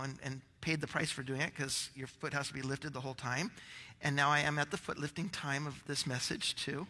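A man's voice: fairly high pitch, bright, forceful tone, in a large hall. A male pastor preaching a rambling, conversational sermon, out of breath, with many restarts.

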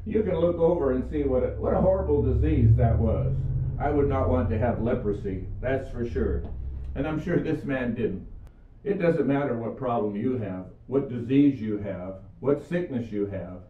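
An older preacher delivers an earnest video sermon, telling Bible stories and his own healing story in a mid-range voice at a moderate pace. The recording sounds phone-like, with an echoey room, a distant mic, and slight background noise.

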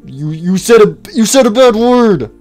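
A stern robot bear father, as a man acts him out in a game-based cartoon, scolding loudly in a raised voice. He sounds exasperated, and his pitch jumps all over. He talks like a strict parent. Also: very animated, unhurried, soft background music.

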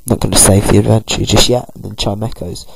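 A man's voice: on the low side, fairly even intonation, fairly quick, vocal fry, slightly rough, rough recording. A man giving casual let's-play commentary, loosely narrating the game and paraphrasing characters with "he's like.". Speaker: gameplay commentator.

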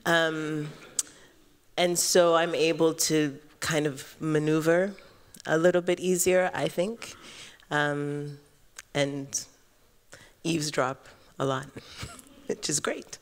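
An American-born artist speaking as a panelist in a chatty, lively way, laughing easily. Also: mid-range voice, slow, long pauses, clear, resonant tone. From United States. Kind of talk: panel discussion answer.

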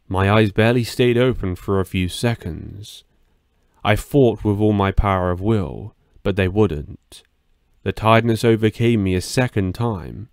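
Gravelly low-voiced horror narrator. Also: male voice, no room sound, studio quality. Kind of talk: scripted first-person horror narration.

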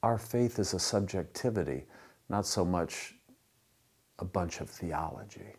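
Low-voiced man preaching conversationally. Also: a little slow, a little mellow, breathy edge. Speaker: pastor. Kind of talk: sermon.

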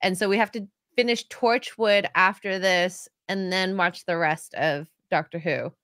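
A woman's voice: lowish voice, steady tone, unhurried, fairly bright tone, dry recording, studio quality. A woman producer chatting casually and upbeat on a live stream. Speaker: show producer.

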